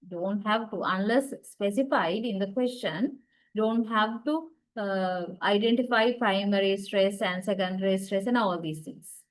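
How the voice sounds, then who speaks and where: A woman's voice: medium pitch, unhurried, rough recording. A woman lecturing on English word stress, speaking English as a second language, with frequent "uh"s and regular checks like "right?" and "okay". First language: not English. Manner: frequent "uh" fillers and restarts. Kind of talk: recorded university lecture.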